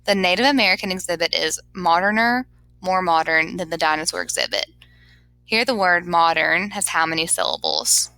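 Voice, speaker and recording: A woman's voice: fairly low pitch, sing-song, normal speed, bright, forceful tone, poor audio. A woman teacher giving a grammar lesson over slides, patiently sounding words out syllable by syllable.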